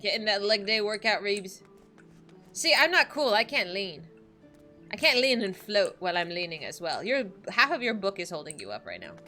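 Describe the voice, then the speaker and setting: A woman's voice: medium pitch, sing-song, fairly quick, pushed and bright, soft background music. A woman livestreaming a video game, chatting playfully with her viewers, joking about herself and laughing often. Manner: talks to chat while reading game text. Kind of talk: casual gameplay chatter.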